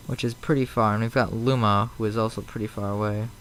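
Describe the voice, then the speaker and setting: A man's voice: lowish voice, fairly even intonation, fast talker, low-quality recording. A man with a Chicago accent, chatting casually on a live flight-sim stream and answering viewers in a rambling, slightly defensive way. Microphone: streaming mic.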